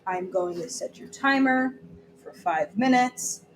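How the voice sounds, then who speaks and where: A young adult woman teacher giving gentle, encouraging instructions to young children after a read-aloud. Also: mid-range voice, expressive, measured pace, slight background noise, poor audio.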